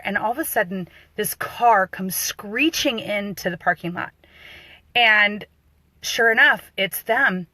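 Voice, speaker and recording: A woman working as a doula, telling a personal story in a loose, animated way with fillers and restarts. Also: medium pitch, no room sound. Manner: animated, acts out quoted voices.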